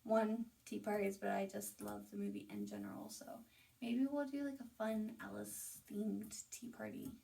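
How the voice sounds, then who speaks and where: Woman, casual home vlog host, chatty, enthusiastic, gravelly fry, distant mic. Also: mid-range voice, animated, moderate pace, mellow. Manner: chatty, enthusiastic, with fillers and asides. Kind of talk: casual home vlog, showing items to camera. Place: at home, indoors.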